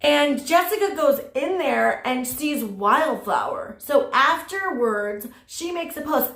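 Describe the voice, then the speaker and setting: A woman's voice: high voice, lively intonation, unhurried, hardly any pauses, fairly bright tone, roomy sound. A woman giving casual drama commentary, blunt and sassy, swearing freely and laughing at her own jokes. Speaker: commentary YouTuber.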